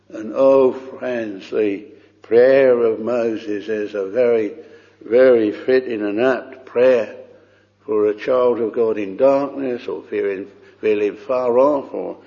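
A man's voice: medium pitch, warm tone. Earnest preacher man in a reverberant hall. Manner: earnest, pleading, repeats phrases with many "oh"s. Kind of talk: sermon. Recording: dull lo-fi recording with long hall reverb.

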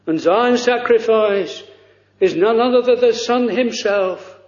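High-pitched preacher guy, slow and halting, echoey dull old chapel recording. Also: darkish tone. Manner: earnest, halting, many fillers, archaic phrasing. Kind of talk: sermon.

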